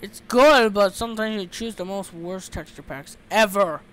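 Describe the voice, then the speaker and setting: A young man giving excitable, sweary commentary over his own gameplay, often shouting when startled. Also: sits high, normal speed. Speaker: let's play host.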